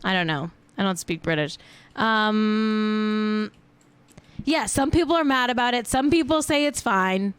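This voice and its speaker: A woman's voice: fairly high pitch, sing-song, brisk, hardly any pauses, smooth, no echo. A young adult woman hosting a celebrity gossip show, chatting casually and joking with frequent giggles. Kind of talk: casual live-stream chat.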